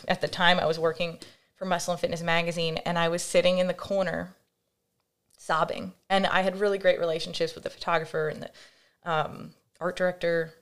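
A woman's voice: on the low side, brisk. A young adult woman speaks as a podcast guest, recounting a personal experience frankly. She talks casually, with lots of "like" and "you know", and briefly acts out the voices of people in her story. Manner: animated, acts out quoted voices, frequent fillers. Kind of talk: candid conversational storytelling.

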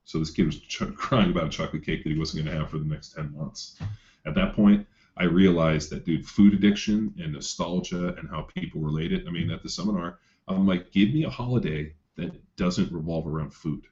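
A man's voice: low voice, fairly quick, darkish tone. A man coaching athletes, rambling through a story in casual chat with lots of fillers and swearing. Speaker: coach telling a client story. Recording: dull lo-fi sound.

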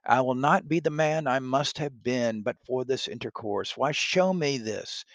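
Old miser figure, scared and begging, voiced high and strained by a man reading aloud. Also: a little slow, dry recording, close to an everyday voice. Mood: desperate pleading. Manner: cries out in a strained, rising voice.

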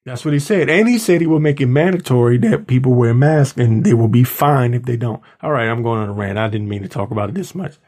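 Speaking fast with hardly any pauses, a man hosting a podcast out of the Washington DC area launches into an angry, indignant rant that mocks the people he covers. His voice is mid-range and darkish in tone.

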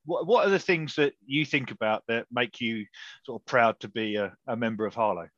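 A man's voice: mid-range voice, a little fast, fairly bright tone, no room sound, muffled recording. Rambling man telling stories. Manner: rambling storyteller, many restarts and chuckles. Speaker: podcast host, interviewer. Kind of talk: casual anecdotal chat.

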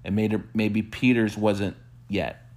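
A man preaching a sermon, telling a story with animated quoted bursts and soft hushed reflective asides. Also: slow. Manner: animated storyteller, acts out quotes with sudden high-pitched bursts. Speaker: pastor.

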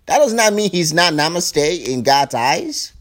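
A man's voice: on the high side, very animated, unhurried, fairly bright tone. A man giving a fervent spiritual monologue, preachy and profane, often acting out other people's voices. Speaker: spiritual speaker.

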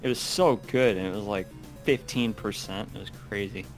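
A man's voice: lowish voice, normal speed, faint music behind. A man in casual chat, talking loosely with many fillers and restarts, swearing and laughing as he goes.

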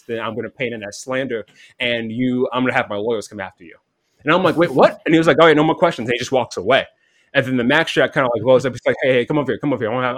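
A man's voice: mid-range voice, no room sound. Rambling young-sounding man telling game stories. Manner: rambling, acts out quoted voices, many "like" fillers. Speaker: podcast guest. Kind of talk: casual storytelling about a game.

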